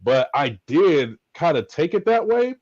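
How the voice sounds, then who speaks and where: A middle-aged man co-hosting a podcast, telling a story in a casual, lively way and acting out what people said. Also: a little high, normal speed, no room sound. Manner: lively, animated storyteller who acts out quotes. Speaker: podcast co-host. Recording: slightly dull lo-fi audio, dry.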